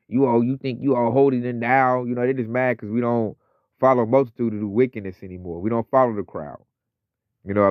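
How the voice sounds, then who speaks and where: A man's voice: fairly low pitch, dry recording. Slangy male preacher, dull dry recording. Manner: conversational, slangy, acts out quoted voices. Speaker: religious teacher. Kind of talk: informal scripture teaching.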